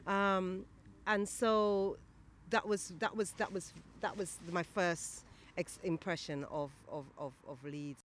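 A woman in her fifties, born in Britain and raised in Guyana, telling lively stories in an interview, acting out the voices of the people she quotes. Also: on the low side, slow, slight background noise. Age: 50s. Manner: animated, acts out quoted voices, many fillers and restarts. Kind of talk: casual storytelling interview.

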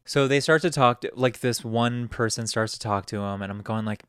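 A man's voice: on the low side, normal speed, hardly any pauses, a bit bright, clear, resonant tone, no room sound, clean studio sound. A young man hosting a podcast, rambling through a story and acting out quotes in a raised voice. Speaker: podcast host. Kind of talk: casual storytelling.

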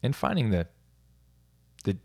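A man's voice: fairly low pitch, very animated, unhurried, vocal fry, dark tone. A middle-aged man, a coach, talking casually on his own, rambling with restarts and small self-amused laughs. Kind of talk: casual solo talk.

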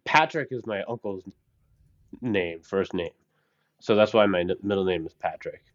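A man's voice: sits low, normal speed. A man co-hosting a live stream, speaking casually and hesitantly with many fillers, his audio muffled and lo-fi. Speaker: stream co-host. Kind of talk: casual chat.

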